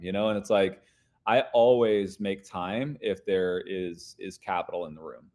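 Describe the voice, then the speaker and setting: A man with a fairly low voice speaks as a podcast guest. He drives his points home emphatically and acts out quoted remarks as he goes. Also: measured pace, darkish tone. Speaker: guest, real estate investor and educator. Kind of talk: casual podcast conversation.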